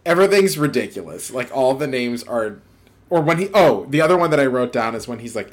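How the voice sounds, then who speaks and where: A man's voice: medium pitch, expressive, brisk. Man, podcast co-host, casual film chat, chatty, playful. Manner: chatty, lots of "like", acts out quotes.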